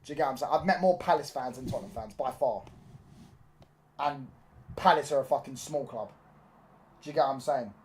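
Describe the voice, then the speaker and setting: A young man chatting casually on a football live stream, animated and full of slang. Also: mid-range voice, brisk, pauses often, a little hiss or hum. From London. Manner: animated, slangy, repeats "do you get what I'm saying".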